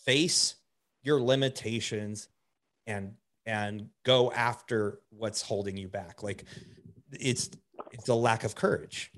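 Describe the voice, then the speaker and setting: A man's voice: fairly low pitch, fairly even intonation, slow, a bit bright. A man in a casual podcast conversation, sharing his thoughts candidly and thinking aloud with plenty of "like" fillers.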